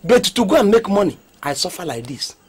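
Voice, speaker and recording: A man's voice: high-pitched, sing-song, fairly quick. A middle-aged man with a Nigerian accent playing a stingy, evasive father who wheedles and dodges. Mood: defensive.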